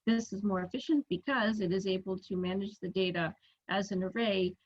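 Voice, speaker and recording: A woman giving a recorded online lecture, explaining step by step in a measured way, with some filler words. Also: medium pitch, fairly even intonation. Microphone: computer mic on a video call recording. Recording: dull lo-fi meeting recording.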